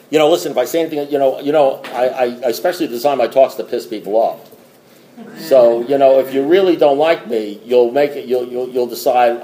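A man's voice: medium pitch, warm tone, a little hiss or hum. A middle-aged man giving a blunt, rambling recovery talk to a group, swearing and repeating himself. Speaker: AA meeting speaker.

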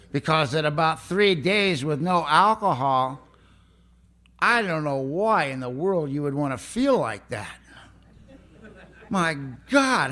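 A man's voice: fairly high pitch, pushed and bright. A man giving a blunt, streetwise personal testimony at a recovery meeting, often laughing as he talks.

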